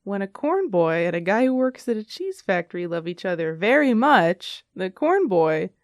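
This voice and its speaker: A woman voicing a mother patiently explaining something to her small son, in a mock-gentle bedtime-story tone. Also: mid-range voice, very animated, moderate pace, dry recording, clean studio sound, pitched below the performer's own voice. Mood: mock-tender.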